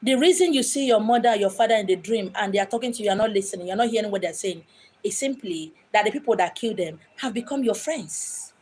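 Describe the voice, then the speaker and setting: A woman's voice: medium pitch, fast, darkish tone. A woman from Abia State in Nigeria with a Nigerian accent, a spiritual medium speaking in an impassioned, dramatic monologue. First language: Igbo. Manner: dramatic, acts out quoted voices. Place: home in Lagos.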